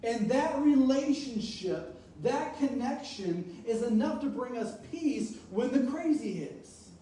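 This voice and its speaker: A man preaching a sermon who swings from soft, low talk to loud, pleading passages and acts out casual, playful asides. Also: lively intonation, slow, slight background noise. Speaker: pastor. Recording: echoey room, mic at a distance.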